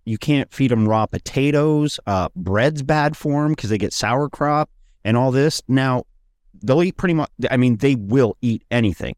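A man's voice: medium pitch, normal speed, darkish tone, dry recording, studio quality. A man hosting a podcast, telling loose, profane stories in casual chat. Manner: rambling, profane storytelling. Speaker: podcast host.

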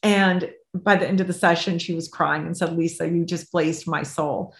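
A middle-aged woman, a life coach and interview guest, telling a story with lively, expressive acted-out dialogue. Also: lowish voice, moderate pace. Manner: acts out both sides of remembered dialogue, lively and expressive. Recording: roomy echo.

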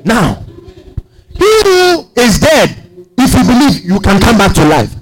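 Emphatic high-voiced man preaching. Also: wildly swooping pitch, unhurried, slight background noise, rough recording. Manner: emphatic, asks the congregation questions, big swings in pitch. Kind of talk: sermon.

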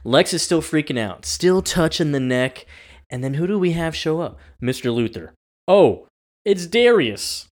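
Animated man recapping a TV episode. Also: on the high side. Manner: animated, acts out characters' lines in quick bits; laughs often. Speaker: podcast co-host. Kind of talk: casual TV recap chat.

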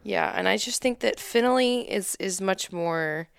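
A woman's voice: mid-range voice, moderate pace, creaky, clear, resonant tone, dry recording, clean studio sound. A woman co-hosting a podcast in casual chat, playful and teasing. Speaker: podcast co-host.

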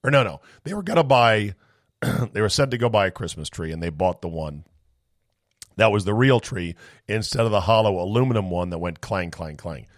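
A male podcast host delivering an incredulous, ranting monologue with loud outbursts and low asides, then chatting casually with a guest. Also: animated, moderate pace, no echo, studio quality. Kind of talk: animated monologue and casual chat.

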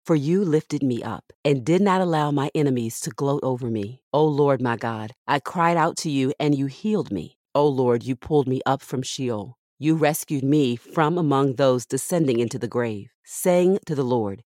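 Woman scripture reader, deep voice, dry close studio sound, measured and reverent. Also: a little mellow, no echo. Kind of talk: scripture reading.

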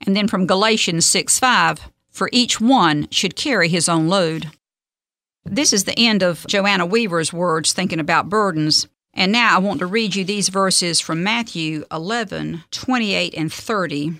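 A woman hosting a radio devotional, reading a story and scripture in a steady, measured way. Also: fairly low pitch, dry recording. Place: radio studio.

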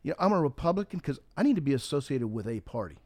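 A man's voice: medium pitch, sing-song, racing, dry recording. A man on a talk show, telling a joke and talking politics in a folksy, emphatic way. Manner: folksy storyteller, emphatic, forceful when riled.

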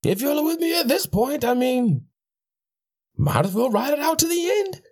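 A man voicing a ranting male dictator in a mock German accent, high and strained. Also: sing-song, normal speed. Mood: mock rallying. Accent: German, put on.

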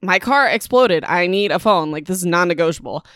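A woman's voice: lowish voice, animated, a little fast, a bit bright, dry recording, clean studio sound. A woman voicing a stranded, exasperated father who keeps insisting he needs a phone. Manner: exasperated, insistent, repeating himself. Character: fed-up middle-aged dad, stranded and exasperated.

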